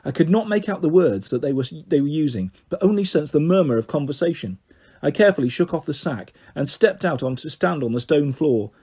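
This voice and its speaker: A man reading a children's story aloud in a lively, expressive way. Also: on the high side, brisk, breathy edge.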